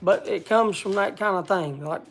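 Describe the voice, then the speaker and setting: A man speaking bluntly to a group in casual talk, halting often and restarting his sentences. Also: high-pitched. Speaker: speaker addressing a group gathering.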